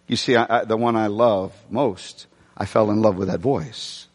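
A middle-aged man preaching a sermon in a church, animated and jokey, with sudden shouts. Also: on the low side, normal speed, long reverb tail. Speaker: pastor. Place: church hall.

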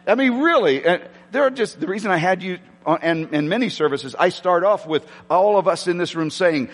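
A man's voice: high-pitched, animated, normal speed, in a large hall. A man preaching a sermon with passion, shifting into dramatic readings of scripture in a church sanctuary. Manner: impassioned, dramatic shifts when quoting scripture. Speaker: pastor.

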